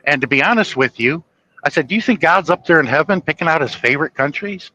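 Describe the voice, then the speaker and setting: Opinionated male podcast host from the U.S., bright forceful tone, rambling storyteller. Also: a little high, expressive, fast talker, low-quality recording. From United States. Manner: opinionated, storytelling with acted quotes. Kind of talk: casual political chat.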